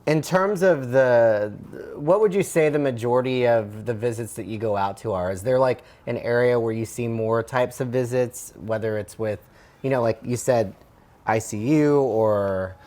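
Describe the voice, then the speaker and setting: A man's voice: mid-range voice, moderate pace, a little mellow. A man hosting an interview, asking long, loosely worded questions in a casual way. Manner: asks long rambling questions. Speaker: host.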